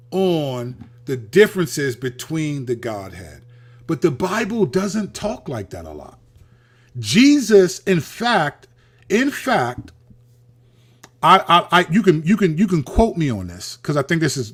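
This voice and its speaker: A male host delivers a casual, sermon-like talk, mixing loose slang with scripture. His voice sits a little high and swoops widely up and down as he presses his points. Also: slightly rough. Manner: animated, emphatic, repeats phrases for stress. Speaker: Christian channel host. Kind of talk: preaching-style video talk.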